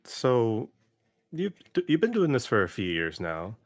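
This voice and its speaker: A man hosting a casual interview, talking in relaxed, rambling sentences with many restarts. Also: mid-range voice, unhurried, dry recording, clean studio sound. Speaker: host.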